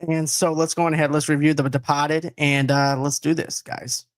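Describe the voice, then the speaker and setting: A man's voice: a little high, flat delivery, moderate pace, no room sound, clean studio sound. A man hosting a casual movie podcast, joking around and laughing easily as he chats with his guest. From East Boston. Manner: jokey, laughs often, loose rambling talk. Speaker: podcast host.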